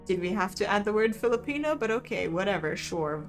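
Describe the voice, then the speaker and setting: A woman's voice: mid-range voice, animated, brisk. A young woman streaming a game, reading a visual novel aloud with casual, wry asides and laughter. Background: faint background music.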